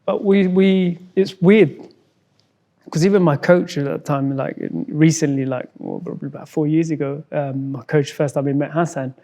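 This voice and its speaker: A man from Somalia, a guest in an interview, telling a personal story in a halting way, repeating words and acting out what others said. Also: on the high side, steady tone, dark tone. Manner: halting, repeats words, acts out quoted dialogue.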